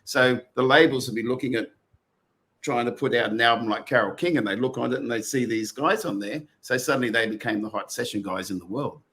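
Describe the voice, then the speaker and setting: Middle-aged Australian man, mid-pitched, chatty co-host who tells long, meandering stories. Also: a little fast, fairly bright tone. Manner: rambling storyteller with many restarts. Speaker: podcast co-host. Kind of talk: casual chat.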